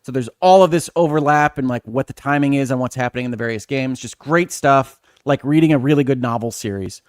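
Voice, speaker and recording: A man's voice: medium pitch, brisk, no room sound. A man with a mid-range voice co-hosts a gaming podcast, explaining things with enthusiasm and detail. His voice sounds dry and close to the mic. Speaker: podcast co-host. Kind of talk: casual podcast chat.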